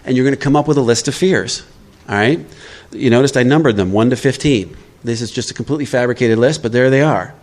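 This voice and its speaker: A man's voice: medium pitch, quick pace, a little mellow. Conversational man leading a workshop. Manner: conversational, checks in with "all right?". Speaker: recovery workshop speaker. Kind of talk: recovery workshop talk. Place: live workshop.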